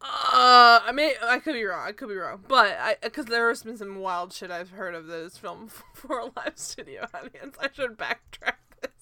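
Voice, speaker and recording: Bright, animated young woman chatting. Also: fairly high pitch, normal speed, few pauses. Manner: animated, laughing, rambling with digressions. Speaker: podcast co-host. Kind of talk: casual chat recapping a sitcom.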